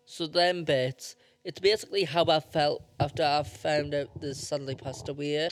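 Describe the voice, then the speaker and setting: Rambling young man, smooth voice. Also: a little high, steady tone, moderate pace, few pauses, no echo. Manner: rambling, self-interrupting, emotional. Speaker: podcast host. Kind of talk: casual solo podcast talk.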